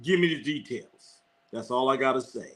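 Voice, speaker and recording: A man's voice: mid-range voice, animated, normal speed. A middle-aged man hosting a live sports stream, rambling and cursing, repeating phrases and laughing often as he reads chat.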